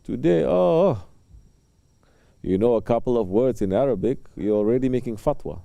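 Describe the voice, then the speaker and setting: A male religious teacher delivering a sermon, telling stories and briefly acting out the people in them, with pauses and soft fillers. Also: mid-range voice, expressive, vocal fry, no echo, dull audio. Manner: storytelling, acting out short exchanges between people.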